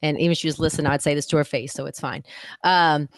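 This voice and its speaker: Very low-voiced woman, direct and candid. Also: fairly even intonation, fast, dry recording. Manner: direct and candid, telling stories with laughter. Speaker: podcast guest. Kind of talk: casual podcast conversation.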